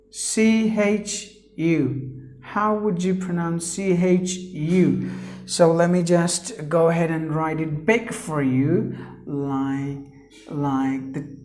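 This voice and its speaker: A woman teaches pronunciation at an unhurried, careful pace, spelling out letters and repeating each word several times. Her voice is mellow and a little low. The room around her sounds echoey. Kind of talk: slow classroom-style pronunciation lesson.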